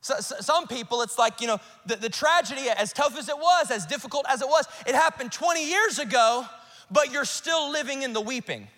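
A male pastor preaching a sermon, swinging between urgent outbursts and hushed, earnest asides. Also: very high-pitched, lively intonation, a little fast, long reverb tail. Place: church auditorium.

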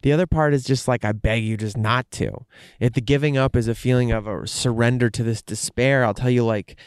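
A man's voice: medium pitch, fairly even intonation, a little fast, clear, resonant tone, no echo, clean studio sound. A man talking candidly in a casual monologue, rambling with fillers and frequent swearing.

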